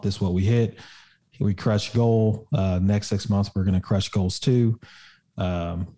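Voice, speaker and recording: This young adult man, a fitness coach appearing as a podcast guest, has a mellow, fairly low voice. He tells a personal story casually, with plenty of filler words and a bit of swearing.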